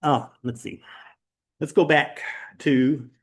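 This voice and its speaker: A man's voice: medium pitch, fairly even intonation, slow pace. A man teaching a Bible class at church, talking casually with ums and rhetorical questions as he walks through slides.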